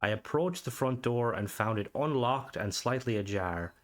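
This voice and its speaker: A man's voice: mid-range voice, animated, natural voice. A man doing a put-on accent to read aloud a story told by a grown man recalling a dreamlike boyhood. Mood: wistful. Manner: put-on storytelling accent, slow dramatic reading. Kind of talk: dramatic reading of a story.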